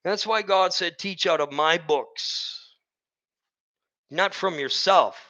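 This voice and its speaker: A man preaching fire and brimstone in an intense, scolding way, swinging from low murmurs to loud warnings. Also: slow, highs cut off. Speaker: self-styled preacher.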